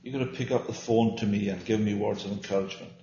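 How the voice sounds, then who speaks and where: A man's voice: lowish voice, fairly even intonation, fast, mellow, slight background noise. An earnest man leads a small-group Bible teaching, pressing his points and answering his own questions. The recording is roomy and a bit dull, with faint ambience behind him.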